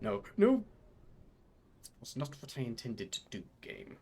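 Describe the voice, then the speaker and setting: A man's voice: medium pitch, huge pitch swings, a little slow, creaky, warm tone, slight background noise. A man streaming a frustrating game live, chatting with viewers and groaning at failures, out of breath. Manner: exasperated, talks to chat between groans and yelps.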